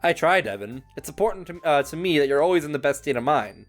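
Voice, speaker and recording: A man voicing a poised, caring teenage schoolgirl in a visual novel, reading her lines gently and reassuringly with a teasing edge. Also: fairly high pitch, animated, quick pace, soft background music, close to an everyday voice. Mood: kind. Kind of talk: game dialogue read aloud.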